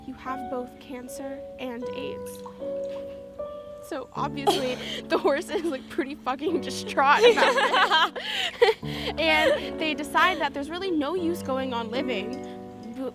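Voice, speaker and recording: A young woman with a high voice who tells filthy jokes, laughing through them. She is irreverent and affectionate, with music playing behind her in a film scene. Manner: laughing, crude storytelling. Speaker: girlfriend character telling a joke. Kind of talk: film dialogue, casual banter.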